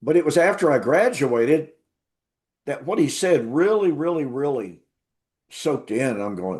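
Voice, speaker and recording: Emphatic man with a higher voice. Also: sing-song, unhurried, darkish tone. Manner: emphatic, repeats words for stress. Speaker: interview guest, Bible teacher. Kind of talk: storytelling in a conversational interview.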